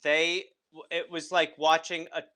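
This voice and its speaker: Male comedy guest, bright voice, quick playful storyteller. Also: on the high side, little pitch movement, rough recording. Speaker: podcast guest. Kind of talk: casual comedic chat.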